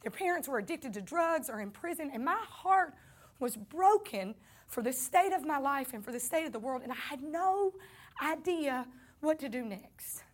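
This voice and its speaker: A woman's voice: high-pitched, expressive, normal speed. A woman with a Southern accent giving an earnest personal faith testimony, speaking to her listeners as y'all.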